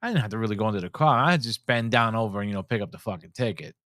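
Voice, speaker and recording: A man's voice: on the low side, very fast, no room sound, clean studio sound. A man hosting a podcast, telling stories in casual chat with lots of swearing and acting out the people he quotes. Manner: animated storytelling, heavy swearing, acts out quoted people. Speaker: podcast host.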